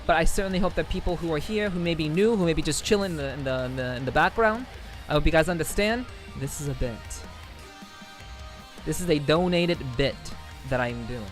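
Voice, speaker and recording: A man with a slightly high, animated voice talks a little fast as he reads his livestream chat, rambling, swearing, repeating himself and laughing. Faint music plays in the background of this casual stream chat.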